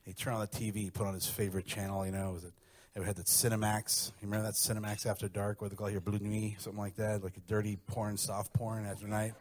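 A middle-aged man doing a stand-up set with brash, profane, animated storytelling. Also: fairly low pitch, fast. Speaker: stand-up comedian.

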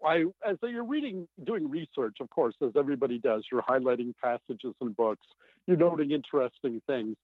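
A novelist being interviewed, talking in an animated, emphatic way with many fillers over a remote line. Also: male voice, mid-range voice, a little fast, dry recording. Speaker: novelist guest. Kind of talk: podcast interview. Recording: tinny phone-like line.

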